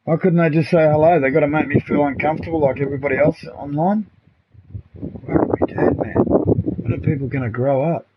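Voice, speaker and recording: A man's voice: on the high side, fairly even intonation, a little fast. A middle-aged Australian man chatting on a live game stream, blunt and aggrieved, swearing freely and calling everyone mate and bro. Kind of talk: casual live-stream chat with party members. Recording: muffled, noisy home streaming mic.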